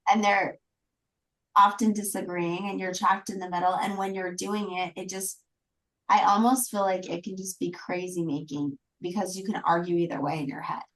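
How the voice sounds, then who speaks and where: A woman's voice: lowish voice, flat delivery, moderate pace, rough recording. A woman co-hosting a podcast, musing thoughtfully in casual chat. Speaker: podcast co-host.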